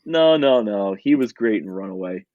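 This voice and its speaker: A man's voice: fairly low pitch, lively intonation, normal speed, phone-quality sound. A man co-hosting a podcast in casual chat, rambling and chatty with many fillers and restarts. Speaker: podcast co-host.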